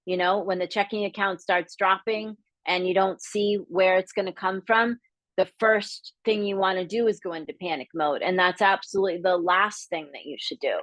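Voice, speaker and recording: A middle-aged woman from the area, teaching a live masterclass in a candid, lively way, acting out the voices she quotes. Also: mid-range voice, moderate pace, no room sound. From Boston area, Massachusetts. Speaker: business coach.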